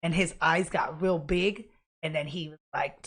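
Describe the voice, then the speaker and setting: A woman with a lowish voice tells a story on a podcast. She swears freely and talks in an animated, heated way. Her delivery is loose and conversational. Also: normal speed, breathy edge. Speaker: podcast co-host. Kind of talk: casual podcast chat.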